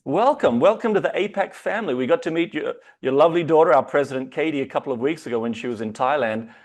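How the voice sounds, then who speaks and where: A man hosting a company video call, hyping the guest with excitable introductions. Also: fairly high pitch, fast. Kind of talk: enthusiastic online meeting hosting.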